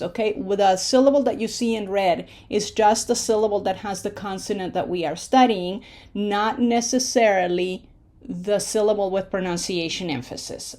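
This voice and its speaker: A woman's voice: medium pitch, darkish tone. Woman teacher going over pronunciation rules, patient, keeps checking in. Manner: patient, checks in with frequent "okay?". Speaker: Spanish teacher. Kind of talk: pronunciation lesson.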